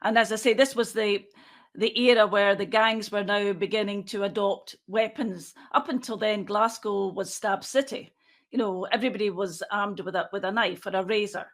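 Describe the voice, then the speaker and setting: A woman in her sixties, a forensic pathologist, answering interview questions in a measured, matter-of-fact way as she thinks aloud. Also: medium pitch, steady tone, a bit bright.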